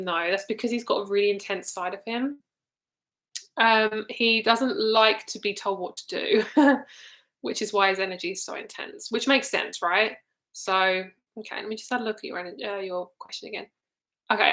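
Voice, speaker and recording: A woman's voice: medium pitch, fairly bright tone. A young woman giving a casual live card reading to viewers, chatty and loose, with frequent ums and casual swearing. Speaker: tarot reader.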